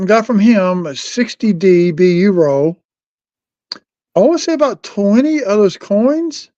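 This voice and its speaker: A woman chats casually on a coin-collecting stream, rambling as she hunts for a roll of coins. Her voice sits at a middle pitch. It comes through dry and dull, like a lo-fi recording. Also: darkish tone, no room sound. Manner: chatty, rambling while searching for something. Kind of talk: casual live-stream chat. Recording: dull lo-fi sound.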